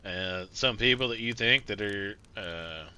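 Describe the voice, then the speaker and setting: A man's voice: on the low side, unhurried, pushed and bright, clean tone. A man streaming a survival role-play game, chatting casually and rambling with plenty of swearing and fillers. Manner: rambling and profane, many fillers and restarts. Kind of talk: casual gameplay commentary.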